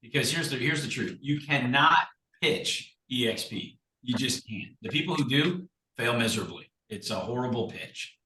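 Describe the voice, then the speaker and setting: Male guest coach, animated and emphatic, bright tone, roomy echo. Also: mid-range voice, moderate pace, a little hiss or hum. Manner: animated, emphatic, acts out sample conversations. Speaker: guest speaker, recruiting coach. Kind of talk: energetic coaching talk on a video call. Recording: echoey room.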